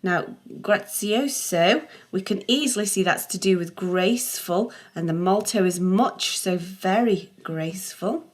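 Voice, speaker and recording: A woman's voice: mid-range voice, unhurried, hardly any pauses. A middle-aged woman teaching music theory in an online tutorial, patient and encouraging, sometimes correcting herself as she explains.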